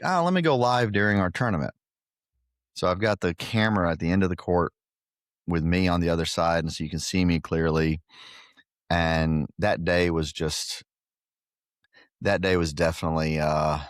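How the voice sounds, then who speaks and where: A man's voice: rumbling low, fairly even intonation, normal speed, no room sound, clean studio sound. A middle-aged man from Guatemala, a podcast guest, telling jokey, self-deprecating stories in a casual chat. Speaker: podcast guest, pickleball club owner.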